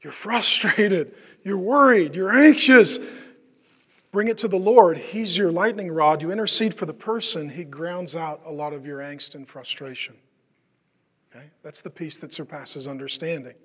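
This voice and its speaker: A man serving as pastor preaches in a large hall, keeping it conversational as he asks the congregation questions and performs the voices of people in his account. His voice is on the high side and slightly rough, at a normal pace.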